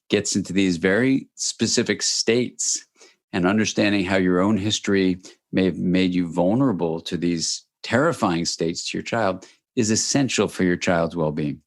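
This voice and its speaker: A man speaking as a guest expert in an interview, explaining in a measured, emphatic way. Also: low voice. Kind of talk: interview answers.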